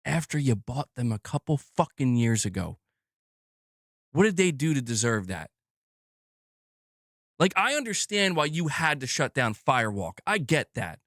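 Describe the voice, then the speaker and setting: A man's voice: medium pitch, very animated, measured pace, pauses often, a bit bright, no echo, studio quality. A man hosting a gaming news channel, delivering an angry, heated rant full of swearing and repeated phrases.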